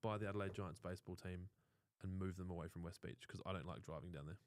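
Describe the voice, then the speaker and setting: A man's voice: sits low, steady tone, quick pace, dry recording, clean studio sound. An Australian man co-hosting a lawn care live stream, chatting casually, joking and swearing freely. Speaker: co-host of a lawn care show.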